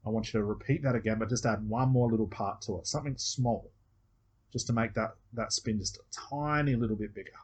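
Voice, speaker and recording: A man's voice: on the low side, a little fast, breathy edge. A man with an Australian accent coaching a student one on one, patiently explaining step by step and acting out example phrases. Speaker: hypnosis coach.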